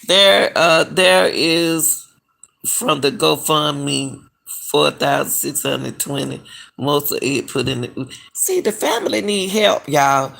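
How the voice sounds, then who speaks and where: A woman's voice: low-pitched, expressive, takes it slowly, gravelly, long pauses, fairly bright tone. A middle-aged woman hosting a casual live-stream, talking to viewers as "y'all" and questioning what she reads. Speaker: commentary channel host.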